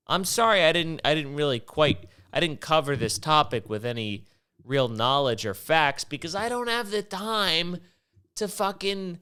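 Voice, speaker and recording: A man's voice: a little high, a little slow, bright, forceful tone, smooth. Profane, rambling male podcast host. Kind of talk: casual rambling rant.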